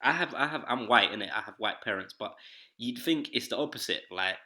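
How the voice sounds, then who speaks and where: Young man, podcast host, slangy and laughing, very bright voice. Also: mid-range voice, brisk. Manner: laughing, slangy, animated retelling. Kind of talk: casual storytelling chat.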